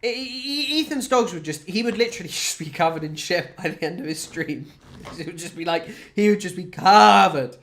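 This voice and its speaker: A Scottish man talks casually to his stream chat, rambling and sardonic, with plenty of swearing and fillers. His mid-pitched voice rises and falls a lot as he goes. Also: animated, fairly quick, a bit bright. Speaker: streamer and comedian.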